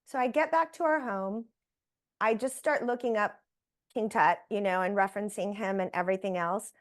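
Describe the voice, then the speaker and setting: A woman, a guest on an interview show, telling a personal story in a lively way and acting out the voices she quotes. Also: medium pitch, normal speed. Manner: animated, acts out quoted voices.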